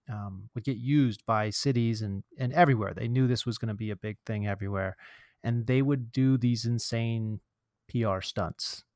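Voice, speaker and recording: A man's voice: medium pitch, darkish tone, no room sound. Guy hosting a podcast, joking around, medium voice, dry sound, lots of ums. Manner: joking, chatty, with fillers. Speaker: podcast host. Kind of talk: casual podcast chat.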